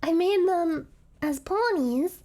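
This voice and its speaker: Very high-pitched, slow giggly woman streamer. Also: mellow. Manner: giggly, rambling, apologetic. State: hiccuping. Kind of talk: casual live stream chat.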